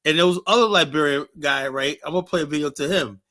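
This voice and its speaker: Bright, animated male host. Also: a little high, quick pace. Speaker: podcast host. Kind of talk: casual streamed talk.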